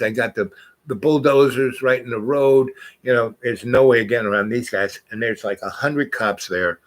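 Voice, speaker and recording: An older man telling a long, rambling story in a casual, animated way, sometimes acting out the people in it. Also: medium pitch, a little hiss or hum. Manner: rambling, animated, acts out voices in quotes.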